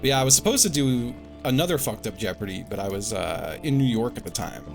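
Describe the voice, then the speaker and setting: A man streaming live, chatting casually to his viewers, swearing freely and laughing often. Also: mid-range voice.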